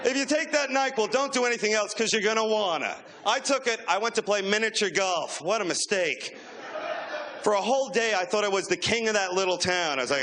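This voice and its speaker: A man doing a stand-up comedy set, rambling through stories and shouting questions at the crowd. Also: sits high, fairly quick. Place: comedy club stage. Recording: noisy live club recording. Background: audience laughing, room noise.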